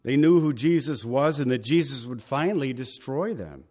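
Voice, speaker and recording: A man's voice: mid-range voice, lively intonation, normal speed, a little mellow. A male pastor giving a verse-by-verse Bible teaching sermon, conversational and emphatic, with chatty asides to the congregation.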